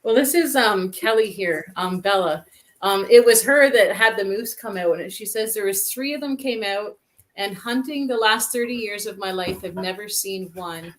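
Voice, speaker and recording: A woman's voice: medium pitch, moderate pace. A woman co-hosting a live chat show, talking casually and relaying viewer comments with many fillers. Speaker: co-host reading viewer comments.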